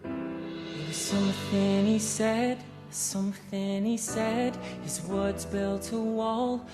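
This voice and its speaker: A woman's voice: medium pitch, flat delivery, takes it slowly, music in the background, close to an everyday voice. A woman singing a plaintive stage-musical lament, playing a hurt woman brooding over harsh words. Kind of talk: sung musical theatre.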